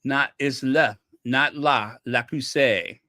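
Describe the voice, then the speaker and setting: This American channel host speaks slowly in a sharp-toned, medium-pitched voice, recorded in clean studio conditions with no room sound. His casual talk to viewers rambles playfully and is packed with fillers.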